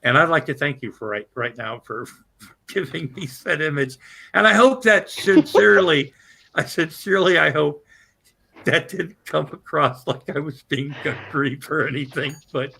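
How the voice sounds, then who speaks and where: A man's voice: a little high, normal speed, vocal fry, pushed and bright, husky. A man chatting on a casual livestream, rambling and crude, poking fun at himself. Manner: rambling, crude, self-deprecating. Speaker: livestream guest.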